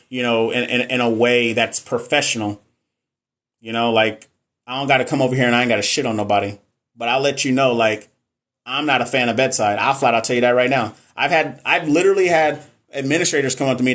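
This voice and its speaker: A man's voice: medium pitch, a bit bright. A man talks loosely into his phone during a live stream. He speaks in a joking, slangy way, cusses freely and addresses viewers directly. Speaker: nurse and NCLEX coach hosting a live stream. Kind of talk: casual live-stream chat answering viewers.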